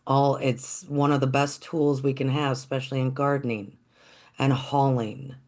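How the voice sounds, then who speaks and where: A storyteller telling a folktale in a gentle, reflective, unhurried way. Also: mid-range voice, level tone.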